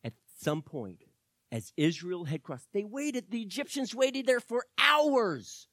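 A pastor preaching a sermon to his church, swinging between hushed words and loud, fervent calls. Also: high-pitched, very animated, slow, no echo, studio quality. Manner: dramatic, swings from hushed to shouting.

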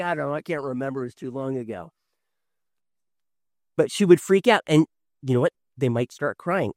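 A man, a father in his thirties, preaching a sermon, swinging from loud emphasis to hushed tones. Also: a little high, dry recording, clean studio sound. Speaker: pastor.

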